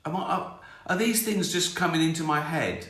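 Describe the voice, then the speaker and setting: A man's voice: fairly high pitch, moderate pace, a bit bright. A man in his sixties chatting casually on a live stream, rambling and mocking himself as he answers viewer questions. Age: 60s. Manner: rambling, self-mocking, chuckling. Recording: roomy echo.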